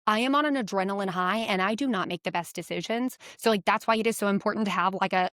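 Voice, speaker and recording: A woman co-hosting a casual podcast, telling lively stories at her own expense. Her voice sits at a middling pitch and picks up speed when she gets going. The sound is close and dry. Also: no echo. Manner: animated, quick anecdotes with playful self-mockery. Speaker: podcast co-host. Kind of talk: casual chat.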